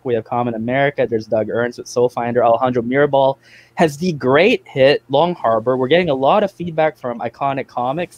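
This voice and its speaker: Man casually pitching comics. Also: darkish tone. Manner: enthusiastic pitching, jokey. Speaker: comics creator co-hosting a stream. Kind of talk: casual livestream chat.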